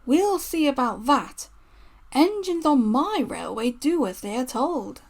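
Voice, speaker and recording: A woman's voice: sits high, sing-song, slow pace, darkish tone, exaggerated voice. A woman voicing a stern, portly male railway boss who is kind underneath, speaking in a severe, formal way.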